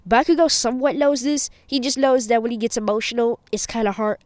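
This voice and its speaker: A woman's voice: on the high side, fairly quick, a little mellow, no room sound, clean studio sound. A woman hosting her channel, telling a fan-fiction story in a chatty, rambling way and correcting herself as she goes.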